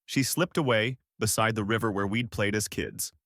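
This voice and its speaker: A man's voice: on the low side, moderate pace, a bit bright, no echo, clean studio sound. A man narrating a sad first-person story in a dramatic, emotional way.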